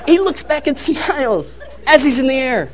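A young man preaching a sermon, telling a family story in an animated way and laughing as he goes. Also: very high voice, moderate pace. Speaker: pastor.

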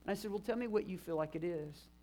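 A man's voice: high voice, quick pace, mellow, a little hiss or hum. A man in his fifties, a pastor preaching a sermon and telling stories of church members with emphatic rises. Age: 50s. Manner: storytelling, retelling conversations, emphatic rises.

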